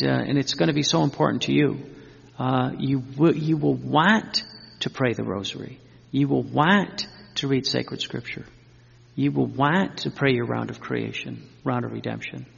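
A man's voice: mid-range voice, vocal fry, fairly bright tone, husky. A man preaching an earnest Catholic-style sermon, repeating himself, restarting phrases and building long fervent lists. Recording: dull lo-fi sound with long hall reverb.

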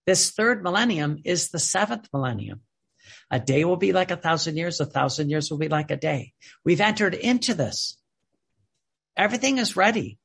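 A man preaching a sermon in an earnest, repetitive way, slowing down when he quotes. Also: on the high side, gravelly, fairly bright tone, husky.

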